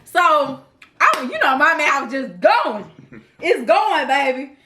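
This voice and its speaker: High, lively young woman telling a story. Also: takes it slowly, noisy background. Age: 20s. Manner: animated, talks straight to viewers. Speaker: vlogger. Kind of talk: casual storytime chat.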